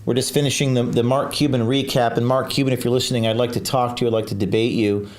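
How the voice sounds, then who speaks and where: A man's voice: mid-range voice, level tone, fast talker. A man hosting a live stream, talking in a rambling, combative way, reading viewer comments and replaying clips.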